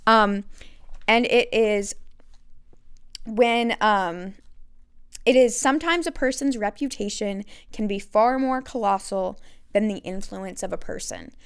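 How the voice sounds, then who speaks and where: Candid young woman, smooth voice. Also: medium pitch, slow pace, pauses often. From United States. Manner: candid, thinking aloud with many ums and likes. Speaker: podcast host. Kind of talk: solo podcast monologue.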